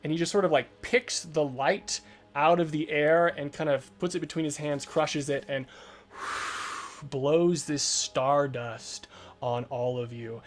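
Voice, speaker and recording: A man narrating a tabletop game as game master, describing scenes in an unhurried way full of fillers. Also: fairly high pitch, fairly even intonation.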